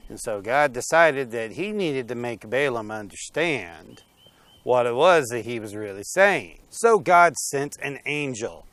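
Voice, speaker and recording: A man telling a Bible story in a relaxed, conversational way. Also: mid-range voice, unhurried, no room sound.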